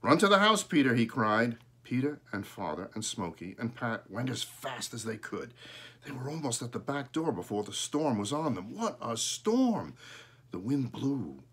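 Expressive husky man reading a storybook. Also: mid-range voice, measured pace. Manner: expressive, showing pictures. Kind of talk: reading a picture book aloud.

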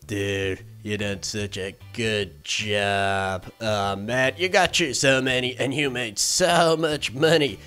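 Man as a laid-back boss, low voice, slow and bright, says bro and dude. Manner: easygoing, praising, calls others bro and dude. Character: friendly male restaurant boss. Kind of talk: Minecraft role-play.

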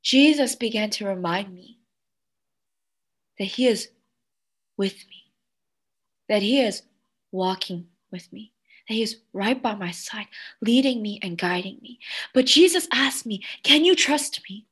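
A woman children's pastor giving a heartfelt sermon with a personal testimony, slow and earnest, sometimes dropping to a soft near-whisper. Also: mid-range voice, expressive, husky.

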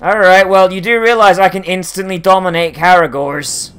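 A man's voice: high-pitched, fairly even intonation, moderate pace, a bit bright, smooth. A man commentating his gameplay with profane, joking banter. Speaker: gameplay streamer. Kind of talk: let's play commentary.

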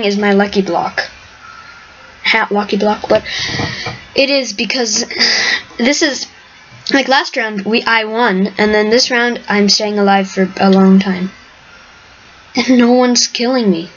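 A woman speaks slowly with long pauses in a fairly high, slightly bright voice while hosting her own game video. She chats and rambles through live commentary, at times sinking to a whisper. The dull lo-fi mic carries faint hiss.

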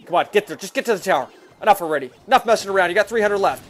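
A man giving excited, fast commentary while playing a mobile game, reacting loudly to every move. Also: high voice. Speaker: gaming YouTuber. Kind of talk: excited live gameplay commentary.

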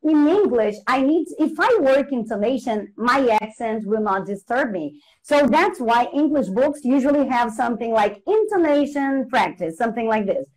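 Brief: female English teacher, explanatory, slightly high voice, livestream guest. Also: lively intonation, moderate pace, hardly any pauses, low-quality recording. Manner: explanatory, repeats example phrases, restarts. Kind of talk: casual livestream chat explaining intonation.

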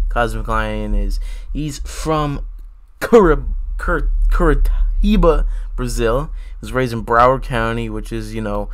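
A young man hosting a song reaction show, talking loosely with slang and frequent swearing. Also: mid-range voice. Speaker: host reviewing songs. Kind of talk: casual reaction commentary.

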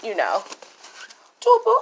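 A woman's voice: mid-range voice, huge pitch swings, slow pace, heavy background noise. A middle-aged woman, chatting casually to her viewers at home. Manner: chatty, talks to viewers as y'all. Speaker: vlogger. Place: living room at home.

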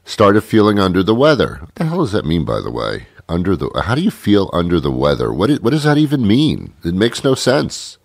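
Stuffy-nosed man with a low voice. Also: brisk, few pauses, no room sound, studio quality. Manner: rambling, jokey, animated. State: congested with a cold. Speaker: radio show host. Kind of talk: comedic radio monologue.

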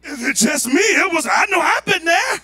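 A man preaching a fervent Pentecostal sermon, rising into shouted, impassioned delivery. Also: very high-pitched, very animated, normal speed, faint music behind. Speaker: pastor. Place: church sanctuary.

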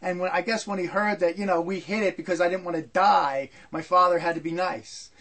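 A man's voice: high-pitched, steady tone, moderate pace, a bit bright. An older man telling personal stories in a rambling way, full of repetitions and asides. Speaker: storyteller. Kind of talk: personal storytelling.

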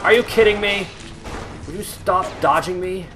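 A man's voice: sits high, moderate pace, noisy background. A young man giving casual let's-play commentary, confused and exasperated while talking to his viewers. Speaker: gameplay commentator. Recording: game music playing behind.

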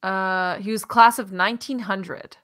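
A woman's voice: medium pitch, fairly even intonation, fairly bright tone, no room sound. Podcast co-host, woman, amused and chatty, dry close sound. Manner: chatty, amused, quick to laugh. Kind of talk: casual after-show chat.

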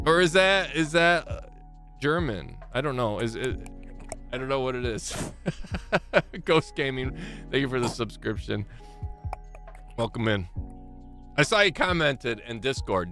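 A man's voice: mid-range voice, fairly bright tone. A man with a Michigan accent chatting casually on a live stream from his small home gaming room, rambling and poking fun at himself as he greets viewers by name. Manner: rambling, self-mocking, greets chat by name.

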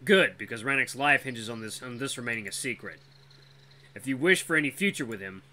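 A cool, protective male black wolf from a fantasy audio story, read by the narrator in a steady, dry voice. His calm carries a quiet menace. The tone is bright and clear. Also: medium pitch, brisk.

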